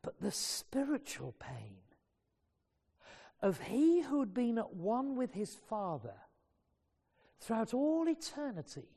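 Guy preaching a sermon, earnest, stumbles and restarts a lot, mellow voice, big echoey hall. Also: very high voice. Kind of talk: sermon storytelling. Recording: long hall reverb.

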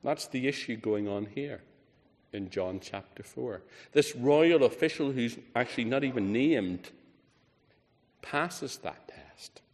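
Lively preacher in an echoing hall. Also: male voice, slow pace. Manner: emphatic, rising on key words and dropping low at phrase ends. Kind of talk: sermon. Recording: reverberant hall.

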